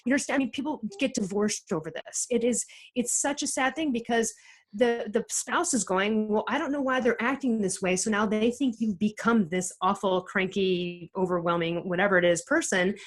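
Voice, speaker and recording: A middle-aged woman, a guest author on a podcast, telling her story in an animated, emphatic way with many restarts. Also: mid-range voice, moderate pace, low-quality recording. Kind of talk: casual interview chat.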